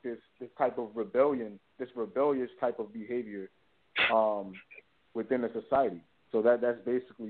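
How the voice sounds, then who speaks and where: A man guest on a call-in interview, explaining haltingly with many fillers. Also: medium pitch. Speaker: guest, former movement member. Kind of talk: call-in talk show interview. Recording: tinny phone-line call-in audio.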